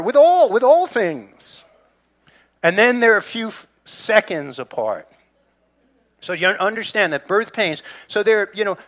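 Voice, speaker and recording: This middle-aged pastor has a high, fairly bright voice. He preaches a conversational sermon in church, restarting sentences and throwing asides to the congregation.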